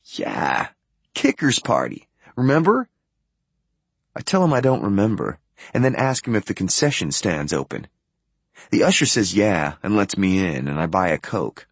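A man's voice: low voice, big pitch swings, moderate pace, breathy edge, no room sound. A man reading a first-person novel aloud in a detached, matter-of-fact way. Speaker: audiobook narrator.

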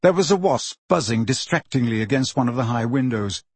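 Audiobook narrator, man, steady and husky, dry sound. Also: medium pitch, fairly quick, no echo. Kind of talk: scripted narration.

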